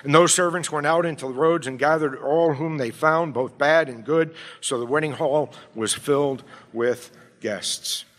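A man preaching a sermon as pastor, emphatic, swinging between quiet, low passages and loud, urgent appeals. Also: normal speed. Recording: long hall reverb.

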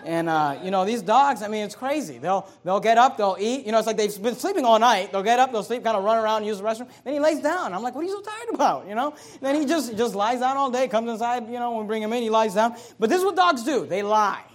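High-pitched emphatic man preaching a sermon. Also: expressive. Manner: emphatic preaching, slows and rises on key phrases; conversational asides with repeated verse references. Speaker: pastor.

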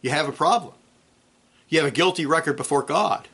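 Male preacher, bright, tense tone, forceful sermon delivery with sharp swings in volume. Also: brisk. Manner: forceful preaching, swings between loud emphatic peaks and low drops; clears throat now and then.

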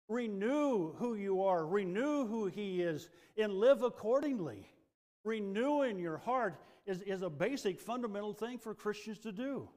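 A middle-aged man preaching a sermon, fervent, dropping to a hush and then rising loud again. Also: high voice, lively intonation, moderate pace, big-room sound. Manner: fervent, swings between hushed and loud. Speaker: pastor.

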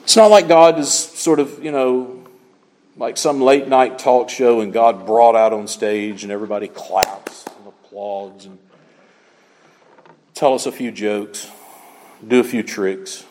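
A man preaching a sermon as pastor, emphatic, moving between loud declaiming and quiet asides. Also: mid-range voice, a little slow, in a large hall, slight background noise.

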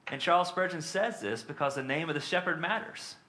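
A man delivers a sermon in a relaxed, conversational teaching style. His voice is bright and forward, and he leans on fillers and tag questions as he explains. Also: a little high, a little fast. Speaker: preacher.

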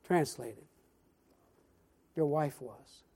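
A man preaching a church sermon, telling a story in a folksy, animated way with repeated words and restarts, then closing with earnest pleas. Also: fairly high pitch, drawn-out words. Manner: earnest, appealing pleas asking amen. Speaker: pastor. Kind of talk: sermon with storytelling and altar call. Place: church sanctuary.

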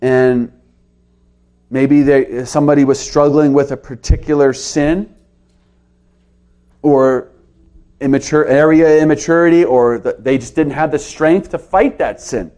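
A man preaching a sermon to his congregation, earnest, with his pitch rising and dropping for emphasis. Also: steady tone, unhurried, long pauses, warm tone. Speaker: pastor.

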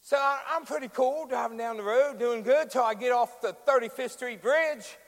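A man preaches in a high, ringing voice. His sermon moves from quiet storytelling into loud, drawn-out shouting. The sound rings in a church hall with a long echo. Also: animated.

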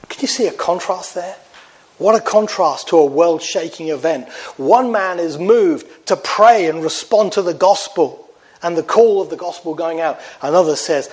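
Middle-aged male preacher, fairly high-pitched, earnest sermon delivery that questions the listeners. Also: unhurried. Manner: earnest, asks the congregation questions. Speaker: pastor.

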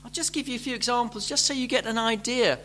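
A man preaching a sermon, building from gentle explanation to fervent, pleading emphasis. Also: very high voice, quick pace, a little hiss or hum.

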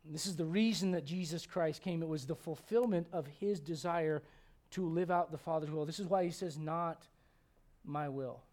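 A middle-aged male pastor preaches with a high-pitched voice, joking and asking question after question. He swings from quiet, low musings to loud, rising points. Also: fairly quick. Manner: humorous, many rhetorical questions. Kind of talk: sermon.

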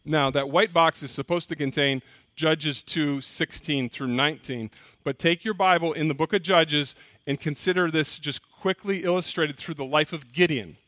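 A male pastor preaching a sermon, telling stories with lively acted-out quotes. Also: fairly high pitch, normal speed, no echo. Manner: animated storytelling, acts out quoted voices. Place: church.

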